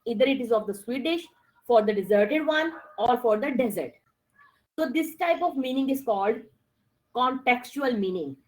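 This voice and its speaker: A woman's voice: a little high, expressive, moderate pace, low-quality recording. A woman teaching an online class, mixing with Hindi-Urdu phrases and speaking as she addresses her students directly. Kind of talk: online English lesson.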